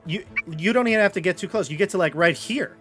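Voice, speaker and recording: A man serves as game master, describing the scene in a rambling, chatty way with plenty of fillers. His voice is bright and pitched a little high. Faint music plays behind him. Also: quick pace. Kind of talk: narrating a tabletop game.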